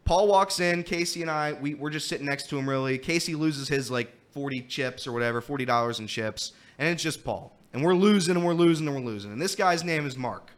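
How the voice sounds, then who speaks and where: This medium-pitched man talks a little fast, barely pausing, as he fills in as guest host on casual sports radio. He laughs a lot while telling animated stories and mentions something wrong with his throat.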